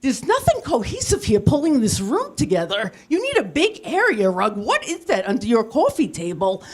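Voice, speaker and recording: A woman comic voicing a poised, educated interior designer who asks crisp, disapproving questions. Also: a little high, huge pitch swings, moderate pace, a little mellow, heavily acted.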